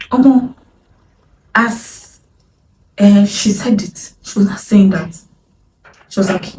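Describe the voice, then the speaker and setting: A woman's voice: mid-range voice, a little mellow, slight background noise. A young Nigerian woman telling a personal story in a candid, dramatic way, dipping into whispers. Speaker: vlogger. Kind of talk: storytime vlog. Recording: roomy echo, distant from mic, faint ambience.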